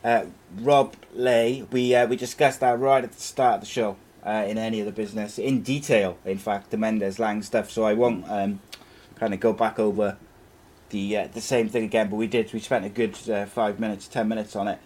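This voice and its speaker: Man, low voice, football show host, chatty banter, reads viewer questions. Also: fairly even intonation, moderate pace, a little mellow. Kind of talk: live football podcast chat.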